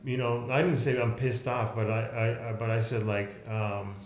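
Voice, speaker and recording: A man co-hosting a casual podcast conversation, telling a story in a halting, rambling way with many restarts. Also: fairly low pitch, fairly even intonation, roomy sound. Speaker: podcast co-host.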